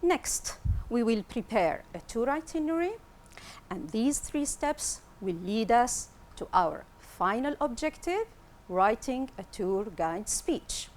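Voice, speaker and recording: Slow, lively-voiced woman teacher. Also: fairly high pitch. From Tunisia. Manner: slow, clear teacherly explaining, repeating words for pronunciation. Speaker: English teacher. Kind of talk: televised classroom lesson.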